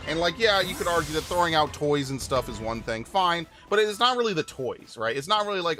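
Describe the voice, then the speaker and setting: A man's voice: fairly high pitch, big pitch swings, a little fast, hardly any pauses, bright, forceful tone. A man in his forties from New York, a gaming channel host giving a blunt, profane, restart-filled rant during casual gameplay. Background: game music.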